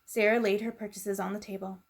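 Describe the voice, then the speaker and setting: Brief: woman storyteller, gentle storybook reading, mid-pitched, calm pace. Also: fairly quick. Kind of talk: reading a children's book aloud.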